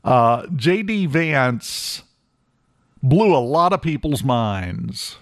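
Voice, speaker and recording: Man, talk radio host, opinionated monologue, sarcastic, lively up-and-down voice, dry close studio mic. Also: a little high, no echo. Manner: blunt, sarcastic commentary with emphatic repetition.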